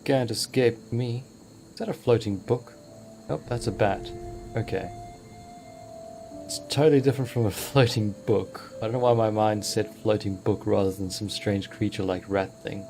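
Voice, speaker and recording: A man hosting a let's play, commentating with excitable, wide-eyed awe and the odd swear. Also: fairly low pitch, moderate pace, music in the background.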